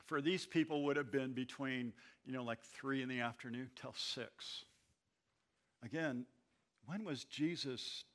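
Brief: male pastor, sermon, bright and ringing tone, lively storytelling with restarts, reads verses then explains. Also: mid-range voice. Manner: animated, storytelling with frequent repeats.

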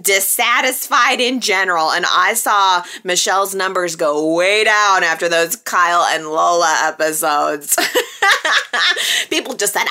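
A woman's voice: medium pitch, animated, unhurried, bright, forceful tone. A woman hosting a soap opera chat show, talking casually to her viewers with a chatty, teasing manner and frequent laughs. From American Midwest and Texas. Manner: chatty, laughs often, playful teasing asides.

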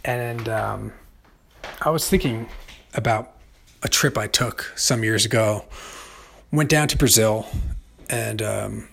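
A man's voice: on the low side, slow, gravelly, long pauses, fairly bright tone, slight background noise. A man hosting a podcast, telling a travel story in a wry, rambling monologue full of fillers. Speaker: podcast host.

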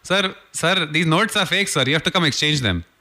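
A man doing a pushy bank manager in a radio prank sketch, broken English, high voice, very fast, bright and sharp. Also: expressive, exaggerated voice. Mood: insistent. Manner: broken English, insistent, repeats "sir". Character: pushy male bank manager phoning a customer.

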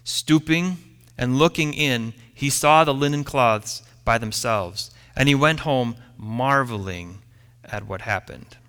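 A man preaching a sermon, retelling a story with dramatic pauses and letting line ends fall quiet. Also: medium pitch, clear, resonant tone, long reverb tail. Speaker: pastor.

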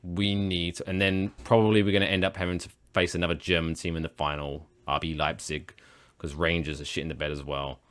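A man from England co-hosting a podcast, calmly teasing and upbeat about his football team. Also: low voice, a little fast. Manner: teasing, calmly optimistic, enjoys his friend's frustration. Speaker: podcast co-host. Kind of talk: casual podcast chat.

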